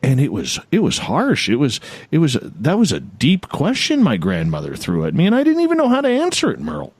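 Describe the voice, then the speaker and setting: A man's voice: a little high, a little fast, no room sound. A man in his forties hosting a radio talk show, telling a personal story with lots of repetition and emphasis. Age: 40s. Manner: animated storyteller, repeats phrases. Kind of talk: casual storytelling chat.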